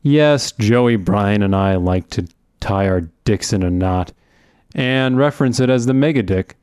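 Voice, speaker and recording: A man co-hosting a casual podcast, trading deadpan jokes and banter. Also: fairly low pitch, measured pace, clear, resonant tone, no echo, clean studio sound. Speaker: podcast co-host. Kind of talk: casual swearing podcast chat.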